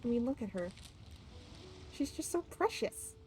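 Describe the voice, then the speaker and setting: A woman streamer chatting casually while gaming, excitable and gushing, swearing freely. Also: on the high side, a little slow, soft background music. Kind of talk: casual gameplay chat.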